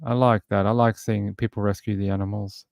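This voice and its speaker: A man's voice: fairly low pitch, little pitch movement, a little fast, vocal fry, darkish tone, no echo. A man hosting a late-night live stream, chatting casually and reading viewer comments aloud into a close microphone.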